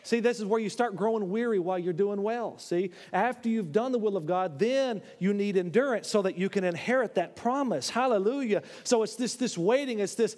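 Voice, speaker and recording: High-pitched guy preaching a fired-up sermon, swings loud then soft, big reverby church. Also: fairly quick, few pauses. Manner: animated, swings from loud highs to low murmurs. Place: church sanctuary. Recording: long hall reverb.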